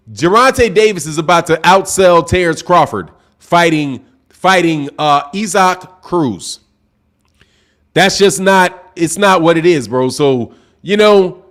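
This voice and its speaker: A man hosting a live-stream boxing talk show, loud and excitable, projecting his voice and saying "bro" a lot while reading viewer super chats. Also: high voice. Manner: reads super chats aloud. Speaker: boxing channel host. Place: home live stream, sipping drinks.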